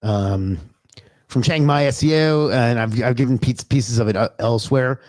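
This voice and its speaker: A man's voice: medium pitch, moderate pace, a little mellow, no echo. A man hosting a casual livestream, greeting viewers by name and chatting loosely, with the odd curse. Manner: loose and chatty, swears, talks to himself. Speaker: livestream host.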